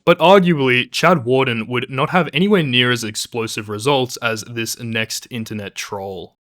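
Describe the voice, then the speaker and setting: Guy narrating a youtube doc, wry and animated, regular mid voice. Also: mid-range voice, normal speed. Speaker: documentary narrator. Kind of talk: scripted documentary narration with personal asides.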